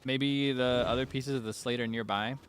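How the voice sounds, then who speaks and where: A man chatting and thinking out loud as he plays a game on a livestream, often giggling. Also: mid-range voice, fairly even intonation, moderate pace, a little hiss or hum. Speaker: streamer. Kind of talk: casual gaming livestream commentary.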